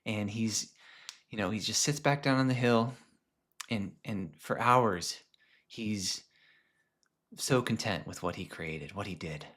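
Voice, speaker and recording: A man presenting a lesson on film characters, telling a story in a conversational way with frequent restarts and some soft, hushed stretches. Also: on the low side, slow, long pauses. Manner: conversational, many restarts, drops to a hush at times.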